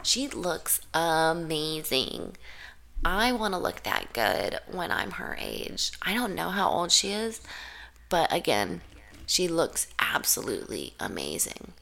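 A woman's voice: deep voice, wildly swooping pitch, takes it slowly, gravelly, bright, forceful tone. A woman giving casual reaction commentary while watching a show, sarcastic and profane, with rambling asides.

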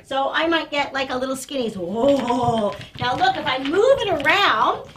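Bright, lively woman dog trainer. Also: unhurried, a little hiss or hum, poor audio. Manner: excited high-pitched praise to a dog; chatty and animated. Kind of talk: live-stream demonstration.

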